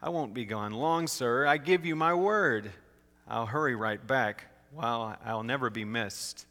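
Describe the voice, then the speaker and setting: A man's voice: medium pitch, unhurried, pushed and bright. A man voicing a lazy, scheming female bird in a storybook read-aloud, with a sing-song, coaxing manner. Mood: pleading. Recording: long hall reverb.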